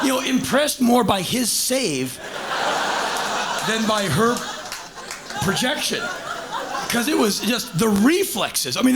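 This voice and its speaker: A man in his thirties telling a long funny story on stage, shouting punchlines one moment and muttering asides the next. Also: creaky. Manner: animated, swings from loud exclaiming to low muttering. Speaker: stand-up comedian. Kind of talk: live stand-up storytelling. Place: live stage before an audience. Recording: hissy low-quality VHS concert tape.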